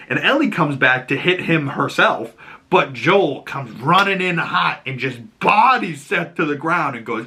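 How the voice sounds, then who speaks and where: A man with a Boston accent hosts a casual episode breakdown, rambling excitedly from scene to scene. His voice is bright and forceful at a mid pitch. He drops crude jokes along the way. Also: normal speed. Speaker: video host.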